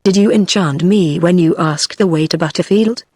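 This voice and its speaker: A woman's voice: on the low side, normal speed, breathy edge, no room sound, clean studio sound. A text-to-speech woman's voice with a British English accent reading the lines of an earnest, polite young girl in a storybook. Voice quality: even synthetic read-out.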